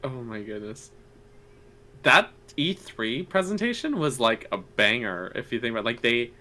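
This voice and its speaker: A man's voice: mid-range voice, sharp tone. A man co-hosting a podcast in casual chat, often laughing between phrases. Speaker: podcast co-host.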